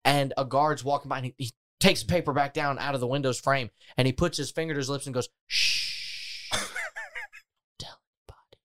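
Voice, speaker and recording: A man telling a story in casual chat, animated and laughing often. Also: medium pitch, quick pace, hardly any pauses, smooth.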